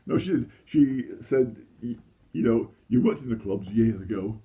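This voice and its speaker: A man's voice: medium pitch, lively intonation, a little slow. A man in his sixties speaks in a Yorkshire accent, performing stand-up comedy in a chatty, self-deprecating way with frequent restarts. His voice sits in a middling register. The recording sounds a little dull and lo-fi. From Leeds, England. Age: 60s. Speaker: amateur comedian.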